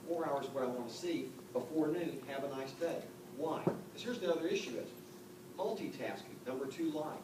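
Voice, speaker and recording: A man in his fifties coaches a room of real estate agents in a loose, joking way, firing off rhetorical questions. His voice sits a little high for a man. He is picked up from across an echoey meeting room, with a clear layer of background noise. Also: recorded from a distance. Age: 50s. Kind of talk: live motivational seminar talk.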